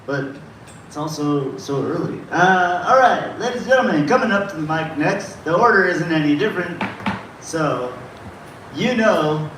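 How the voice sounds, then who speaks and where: A man's voice: fairly high pitch, lively intonation, moderate pace, a bit bright. A man hosting an open mic, bantering and teasing the room between comics. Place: dive bar comedy room. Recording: echoey bar room, distant mic, audible noise.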